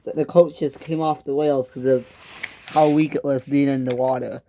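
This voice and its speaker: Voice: medium pitch, fairly even intonation, normal speed, warm tone, slight background noise. A narrator telling a toy train story in a dramatic storytelling style, switching into character voices. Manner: dramatic, breaks into character voices and sound effects.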